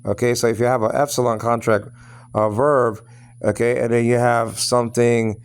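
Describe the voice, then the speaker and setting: Gravelly male teacher, loose lesson delivery, stops and restarts a lot. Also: medium pitch, level tone. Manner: repeats "you understand what I'm saying?"; halting, many fillers and restarts. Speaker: Greek teacher. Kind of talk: informal lesson.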